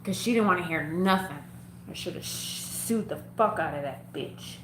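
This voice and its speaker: A woman's voice: fairly high pitch, animated, normal speed, sharp tone, roomy sound, slight background noise, rough recording. A woman vlogger telling a personal story straight to her viewers, frank and profane, laughing often.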